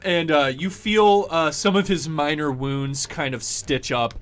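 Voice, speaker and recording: Male game master, relaxed narration, quiet music bed. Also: on the high side, a little slow, smooth. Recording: faint background music.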